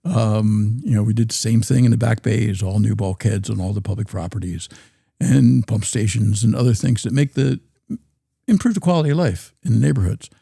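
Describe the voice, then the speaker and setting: Gravelly, dark-voiced man in dry studio. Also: on the low side, dry recording. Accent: South Jersey. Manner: halting, repeats words while thinking. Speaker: guest, city planner. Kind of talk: casual interview talk.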